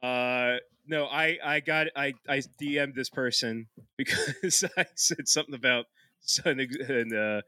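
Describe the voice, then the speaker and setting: A man's voice: medium pitch, a little slow, pushed and bright, no room sound, studio quality. A man co-hosting a podcast in casual chat, rambling, swearing and laughing often between thoughts. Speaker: podcast co-host.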